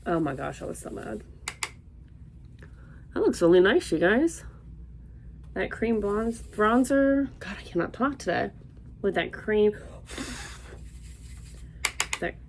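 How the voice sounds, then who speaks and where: A woman's voice: medium pitch, gravelly, slight background noise. Give me a young woman from Florida chatting animatedly while doing her makeup. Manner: animated, rambling, exclamatory, drops to murmurs while applying. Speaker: beauty vlogger. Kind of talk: casual chatty makeup tutorial.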